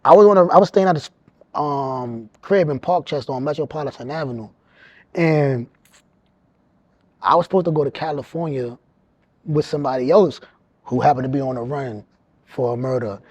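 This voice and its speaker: A man around forty, telling his own life story in an animated, streetwise way, often repeating words as he goes. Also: mid-range voice, normal speed, long pauses, lo-fi sound. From New York. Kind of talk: casual storytelling.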